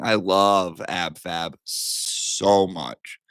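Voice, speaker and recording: A man's voice: mid-range voice, lively intonation, normal speed, a bit bright, no room sound, clean studio sound. A man hosting a livestream, joking around casually and reading out viewer messages with a playful, sweary manner. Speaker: livestream host.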